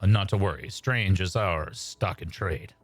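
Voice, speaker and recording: A man voicing a late-night paranormal radio host in a smooth public-radio narrator manner. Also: low-pitched, measured pace.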